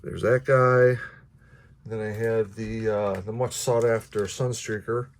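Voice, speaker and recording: A man's voice: lowish voice, steady tone, slow, slight background noise. A man casually reviewing action figures, rambling with many restarts and the odd curse. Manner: offhand, mildly profane. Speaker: toy reviewer.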